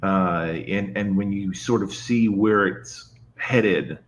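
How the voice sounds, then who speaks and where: A man in a played clip speaking haltingly, stammering with many fillers. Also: fairly low pitch, slight background noise.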